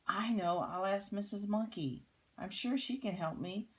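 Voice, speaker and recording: An older woman voicing a worried, tearful mother kangaroo in a picture book read aloud, speaking softly and pleadingly. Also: low voice, sing-song, slow pace, gravelly, exaggerated voice. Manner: pleading, soft.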